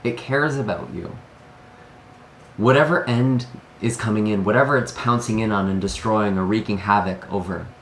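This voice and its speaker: A man with a fairly low voice gives a heartfelt tarot reading and sighs between his thoughts. The room is echoey, and a faint noise sits under his voice. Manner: earnest and emotional, sighs often between thoughts. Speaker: tarot reader. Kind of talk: solo tarot reading to camera.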